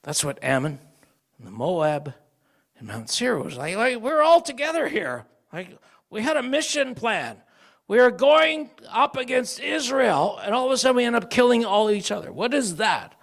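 A man's voice: extremely high pitch, sing-song, moderate pace, creaky, a bit bright. A male preacher giving a sermon, telling stories and acting out the voices of people he quotes.

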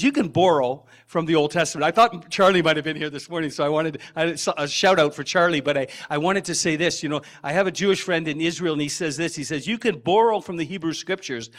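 A man with a fairly high voice preaches to his congregation in a church. He talks emphatically and circles back to repeat his key phrases. He turns to the people in the pews with friendly asides. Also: fast talker, few pauses, fairly bright tone. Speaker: pastor. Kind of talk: sermon. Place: church sanctuary.

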